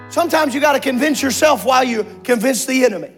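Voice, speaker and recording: A man preaching a sermon to a congregation in a church, impassioned and rising to shouts on drawn-out words. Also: extremely high pitch, animated, soft background music. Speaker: pastor.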